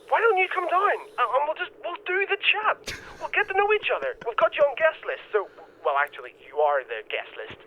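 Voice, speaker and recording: Man playing a smooth-talking hustler, very high voice, lively, phone-line sound, faint hiss. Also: a little fast, full character voice. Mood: wheedling. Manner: smarmy, rambling sales pitch. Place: inside a moving car. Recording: tinny phone line with background noise.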